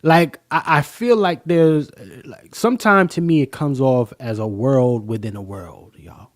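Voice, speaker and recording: A man hosting a casual livestream, talking emphatically in loose slang with frequent pauses. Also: mid-range voice, no room sound, studio quality. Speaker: livestream host.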